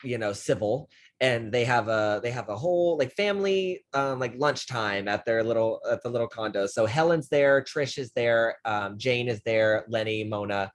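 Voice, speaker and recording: A man hosting a casual film chat, animated, acting out characters' lines and laughing often. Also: mid-range voice, moderate pace, few pauses. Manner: frequent fillers and restarts, laughs often. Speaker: podcast host.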